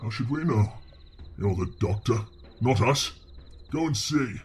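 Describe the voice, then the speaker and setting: An actor playing a cryptic masked man in a video game, cold and ominous, speaking in a low, measured voice. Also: expressive, husky. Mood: dismissive. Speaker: game character.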